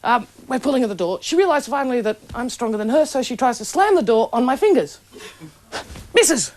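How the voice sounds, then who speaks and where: A young adult woman telling a stand-up story in a dry, deadpan way to a laughing live audience. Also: a little high, fairly quick. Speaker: comedian. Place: stage before a live audience. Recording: lo-fi old television recording with loud hiss.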